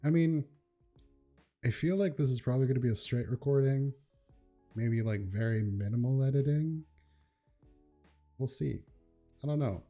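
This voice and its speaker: A young man chatting casually while reacting to memes at his computer, laid-back and quick to laugh. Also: mid-range voice, warm tone, faint music behind.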